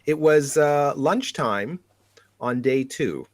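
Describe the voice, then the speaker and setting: A man's voice: medium pitch, slow pace, no room sound. A man co-hosting a podcast, telling road trip stories casually and acting out the people he met. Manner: animated storyteller, acts out quotes. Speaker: podcast co-host. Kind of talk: casual storytelling chat.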